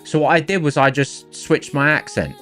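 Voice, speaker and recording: A man's voice: a little high, normal speed, soft background music. Rambling Philly-accented man hosting a stream. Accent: Philadelphia American. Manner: relaxed, rambling, many fillers. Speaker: livestream host. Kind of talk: casual chat with viewers.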